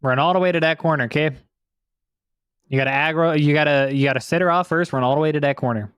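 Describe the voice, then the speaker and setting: A man's voice: fairly high pitch, quick pace, fairly bright tone, clean tone, dry recording. A young man giving casual, rambling let's-play commentary as a gaming streamer, swearing freely and slipping into silly voices.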